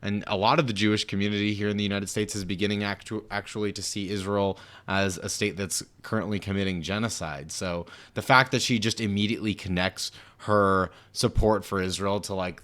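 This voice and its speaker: A man's voice: lowish voice, a little fast, few pauses, a bit bright. A man giving casual reaction commentary on a political clip, blunt, sarcastic and profane.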